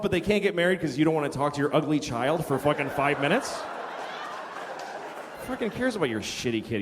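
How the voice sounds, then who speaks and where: Profane, animated stand-up comedian ranting. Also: male voice, on the high side. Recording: reverberant hall with noisy room.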